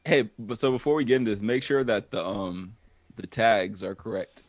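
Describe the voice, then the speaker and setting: Laid-back male podcast host, lowish voice, dry slightly muffled recording. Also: steady tone, moderate pace, no echo. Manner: loose, laid-back talk full of "like" and "right on". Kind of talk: casual sports podcast chat.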